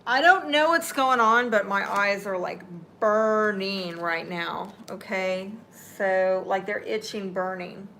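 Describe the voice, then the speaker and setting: A woman reads tarot cards live at a slow, deliberate pace, her voice teary-eyed. She talks straight to the viewer in a reassuring way. A faint hum sits under her voice. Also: mid-range voice, vocal fry, bright, forceful tone. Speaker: tarot reader.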